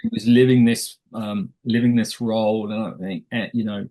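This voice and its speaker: A man's voice: on the low side, steady tone, moderate pace, dark tone, low-quality recording. A middle-aged man, a film director telling stories casually in an interview, with many restarts and quoted asides.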